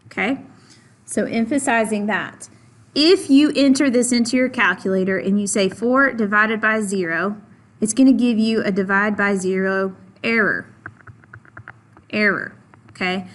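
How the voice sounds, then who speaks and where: Female math teacher, patient, leans on key words, mid-pitched. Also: a bit bright. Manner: patient, repeats and stresses key points; asks questions of the class and answers them herself. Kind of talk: classroom lesson.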